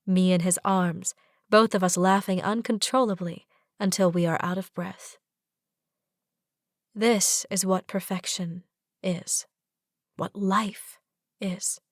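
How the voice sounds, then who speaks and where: A woman reads a fantasy romance audiobook in the first person, soft and even. Her voice sits at a middling pitch, and the recording is dry and close, with no room sound. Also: no room sound. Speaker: audiobook narrator.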